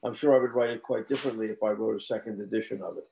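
An older man speaks in a gravelly, darker voice, working through his answers aloud. He often restarts and repeats words as he thinks, in a relaxed conversational interview manner. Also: on the low side, very fast, a little hiss or hum. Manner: thoughtful, self-correcting, repeats words. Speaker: author guest.

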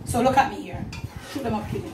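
Jamaican woman, cooking host, high voice, echoey kitchen, faint noise. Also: quick pace. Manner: chatty, direct to camera, Jamaican Patois mixed in. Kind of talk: home cooking demonstration. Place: home kitchen.

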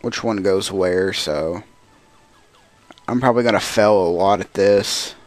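A man's voice: low-pitched, a little slow. A man giving casual gameplay commentary as a let's play host, grumbling to himself in frustration.

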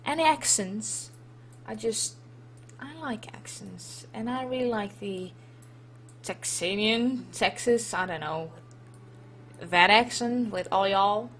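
A woman with a Dutch accent gives relaxed, unhurried commentary over a life-sim game. She chats playfully and reads the game's prompts aloud, with a faint hum in the background. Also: medium pitch. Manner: chatty and playful, reads on-screen text aloud. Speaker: let's play host. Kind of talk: casual gameplay commentary.

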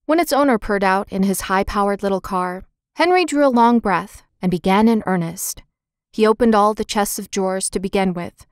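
A woman narrating a children's storybook in a lively, expressive reading, voicing the characters' lines. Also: mid-range voice, moderate pace, no echo, clean studio sound. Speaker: audiobook narrator.

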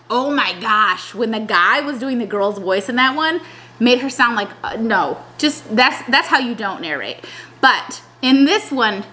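Lively, bright-voiced young woman. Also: on the high side. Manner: chatty, slangy, animated, trails off and restarts. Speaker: vlogger. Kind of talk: casual chat.

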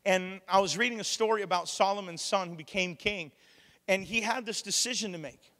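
Pastor, 40s, bright high voice, sermon in a reverberant church hall. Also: male voice, brisk. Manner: animated, plays out quoted voices, laughs often.

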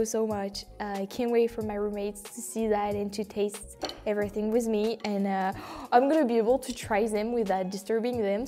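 A woman's voice: on the high side, warm tone. A woman with a French accent, a vlogger talking casually to camera, effusive and exclamatory, with gasps and laughter. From France. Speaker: vlogger opening gifts from viewers. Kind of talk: casual vlog talk to camera.

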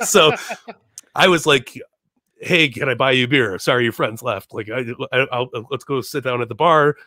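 A man in his thirties from Chicago, a podcast guest telling a story in a casual, animated way, laughing and putting on voices. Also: mid-range voice, unhurried, no room sound, studio quality.

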